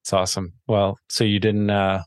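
Man, podcast host, halting speech, quick to laugh, dry close sound. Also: lowish voice, little pitch movement, clear, resonant tone, dry recording. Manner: hesitant, many restarts and fillers, quick to laugh and affirm. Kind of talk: casual interview.

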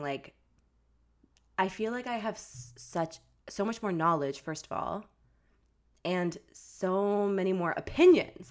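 A woman's voice: medium pitch, a little mellow. A young woman co-hosting a podcast, telling a family story in a casual, chatty way, full of "like" fillers and acted-out quotes. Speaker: podcast co-host.

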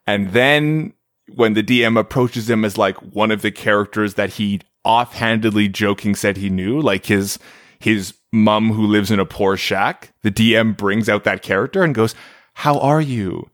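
A man's voice: lowish voice, normal speed, dry recording, clean studio sound. A man co-hosting a tabletop game podcast, casually telling a story and acting out quotes. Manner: animated, acts out quotes from friends. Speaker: podcast co-host.

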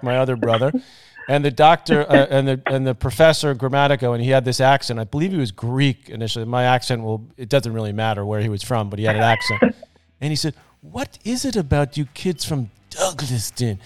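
Smooth-voiced male podcast host, reminiscing. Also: medium pitch. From New York. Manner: storytelling, reminiscing. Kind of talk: casual interview.

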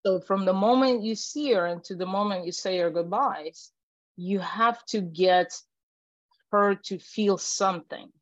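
A woman matchmaker and dating coach giving casual podcast advice, chatty and animated, acting out sample lines and often asking "right?". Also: medium pitch, measured pace, no echo, highs cut off.

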